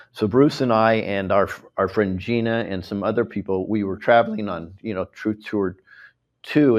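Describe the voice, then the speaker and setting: A man's voice: deep voice, darkish tone, muffled recording. An American man speaking as host to a live audience at a tour event, emotional and rambling, often acting out other people's words. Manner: emotional, rambling, acts out quoted voices.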